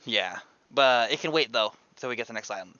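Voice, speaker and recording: A man's voice: mid-range voice, expressive, quick pace, pushed and bright, lo-fi sound. A man playing in a tabletop game, chatting casually and stammering often. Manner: stammering, laughing easily. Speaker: player. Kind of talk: casual tabletop role-play.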